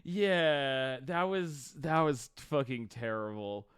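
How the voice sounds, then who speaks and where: A man's voice: medium pitch, expressive, fairly bright tone, clean tone, no echo, studio quality. A man giving blunt, profane live-stream reaction commentary. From Australia. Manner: blunt, profane, quick to judge.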